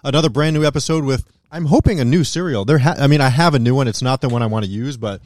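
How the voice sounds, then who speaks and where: A man co-hosting a podcast in casual chat, bantering quickly and playfully. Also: mid-range voice, a little mellow, no echo, clean studio sound. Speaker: podcast co-host.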